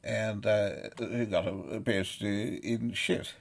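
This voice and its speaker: A man's voice: on the low side, fairly even intonation, slow, vocal fry. A man in an abusive, scornful rant, full of swearing and insults. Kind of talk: ranting monologue.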